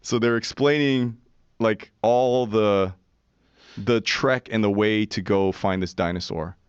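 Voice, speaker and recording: A man in his forties telling a story as a podcast guest, animated and profane, acting out what others said. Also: fairly low pitch, slow, clean tone, no room sound, highs cut off. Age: 40s. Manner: animated, profane storyteller who acts out quotes. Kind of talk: casual storytelling.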